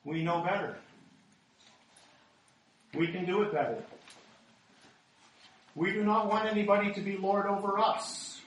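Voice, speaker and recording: A man's voice: high-pitched, measured pace, pauses often, a bit bright, slight background noise. A male American pastor delivering a sermon, reading scripture dramatically and asking rhetorical questions. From United States. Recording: very echoey hall, speaker far from mic.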